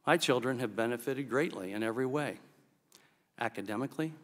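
A man chairing a congressional subcommittee, reading a measured, formal opening statement. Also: mid-range voice. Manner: measured, procedural. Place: congressional hearing room. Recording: reverberant hearing room.

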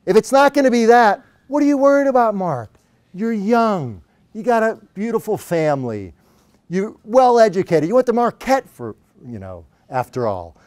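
A cheerful male coach with an Australian accent, teasing and upbeat, as a man puts him on. His voice sits high and leaps around lively. The sound is close and dry. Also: normal speed, no room sound. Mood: cheery, teasing. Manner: cheerful, teasing, pep-talk tone.

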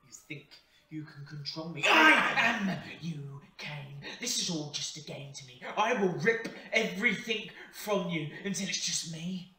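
A man's voice: on the high side, lively intonation, a little slow, pushed and bright, slight background noise, full character voice. A man playing a coaxing, menacing demon. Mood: taunting. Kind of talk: student short film drama. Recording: echoey room from a distance, music under.

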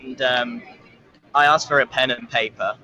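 A man's voice: mid-range voice, fairly even intonation, moderate pace, sharp tone, lo-fi sound. A young man telling a casual anecdote in a dry, understated way. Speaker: event organizer.

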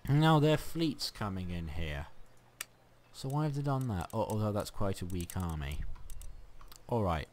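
A man's voice: sits low, expressive, normal speed, long pauses, darkish tone, slight background noise. A man giving chatty, sarcastic running commentary on a strategy game he is playing. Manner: chatty, sarcastic, mock-exasperated. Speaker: let's play host.

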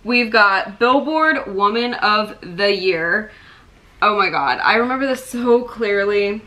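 A young woman in a casual vlog, chatting excitedly and emotionally about her collection. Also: mid-range voice, slow pace. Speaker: vlogger showing a merch collection. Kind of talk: casual chat.

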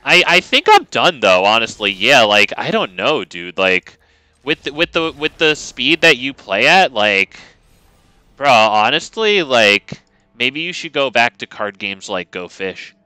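A man's voice: mid-range voice, big pitch swings, a little slow, bright, forceful tone, clear, resonant tone, no room sound, poor audio. A man streaming a card game, chatting casually with viewers in a joking, sarcastic, rambling way. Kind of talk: casual gameplay commentary.

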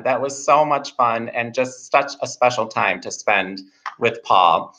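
Bright, upbeat male host, muffled audio. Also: medium pitch, measured pace. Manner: upbeat, effusive. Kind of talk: live interview show.

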